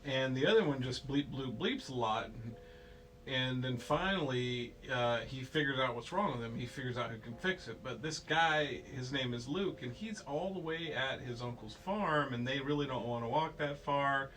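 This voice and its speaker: A man's voice: mid-range voice, moderate pace, a bit bright, rough recording. A man casually retelling a film story to a child at home, playful and rambling, slipping into goofy voices.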